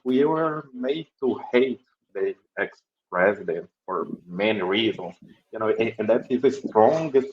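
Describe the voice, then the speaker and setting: A man's voice: on the low side, lively intonation, measured pace. Brazilian guy student, portuguese accent, kinda muffled lo-fi sound, trips over words a lot. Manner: hesitant, restarts often, searches for words. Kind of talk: classroom discussion.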